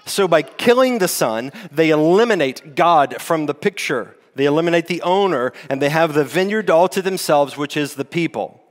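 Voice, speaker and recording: A man preaching a sermon as lead pastor, teaching in a conversational way with rhetorical questions. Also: fairly high pitch. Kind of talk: expository sermon. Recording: long hall reverb.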